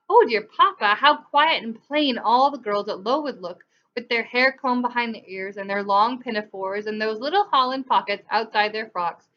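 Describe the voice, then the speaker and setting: A woman's voice: fairly high pitch, pushed and bright, dull audio, slight background noise. A woman voicing a stern, pious middle-aged clergyman who lectures severely.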